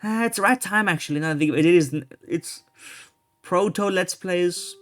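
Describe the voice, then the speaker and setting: A man's voice: high voice, normal speed. Man rambling over a game playthrough. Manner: rambling, joking asides while reading game text. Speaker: video game streamer. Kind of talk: let's play commentary.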